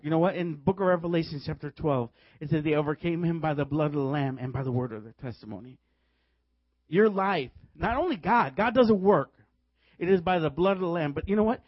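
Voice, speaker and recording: A man from Chicago, a guest preacher, tells his testimony in a sermon with animated storytelling and frequent laughs. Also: on the high side, dry recording. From Chicago, USA. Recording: dull dry recording.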